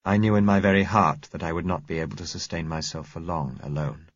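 Male audiobook narrator, deep voice, husky, measured, dull lo-fi dry recording. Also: fairly even intonation, no echo. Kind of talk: scripted first-person narration.

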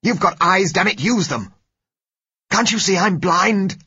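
A man's voice: medium pitch, normal speed, slightly rough, no echo, lo-fi sound, voice pushed up. A man voicing a frightened blind male doctor who turns bitter and irritable. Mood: furious. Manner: demanding, bitter outbursts.

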